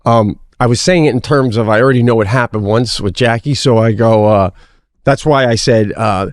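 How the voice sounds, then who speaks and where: A middle-aged man co-hosting a podcast, telling a story in casual chat, animated and swearing freely, acting out his own shouting. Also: medium pitch, normal speed, dry recording, studio quality. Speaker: podcast co-host.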